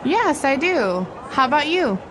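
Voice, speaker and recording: A woman's voice: high voice, very animated, a little slow. A woman playing a polite, friendly local worker in a scripted small-talk dialogue. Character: friendly young woman who works in the city. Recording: dialogue with vehicle noise behind.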